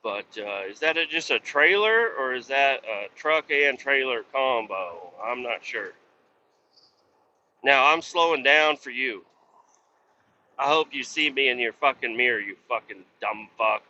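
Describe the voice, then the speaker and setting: Trucker man filming in his cab: sharp-toned voice, constant cursing, muffled lo-fi sound, faint engine hum behind. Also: medium pitch, animated, a little slow. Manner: profane, ranting at other drivers. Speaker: truck driver. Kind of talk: casual driving vlog. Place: inside a truck cab on the highway.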